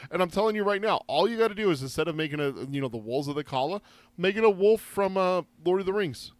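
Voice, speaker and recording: A man's voice: sits high, expressive, fast talker, no echo. A man co-hosting a podcast, talking animatedly and swearing freely in casual chat. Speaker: podcast co-host.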